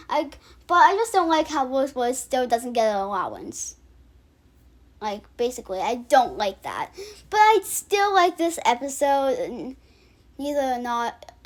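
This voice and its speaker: A high-pitched woman talks casually to camera as she ranks episodes. She rambles, trips over her words and restarts sentences often, padding them with fillers. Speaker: channel host. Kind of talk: casual episode-ranking commentary.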